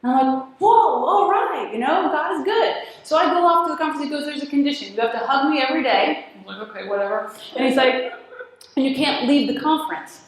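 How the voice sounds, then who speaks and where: High-voiced woman in echoey hall. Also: fast talker, a little hiss or hum. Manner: lively, acts out dialogue, laughs often. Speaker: speaker at a spiritual community gathering. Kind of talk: personal storytelling talk.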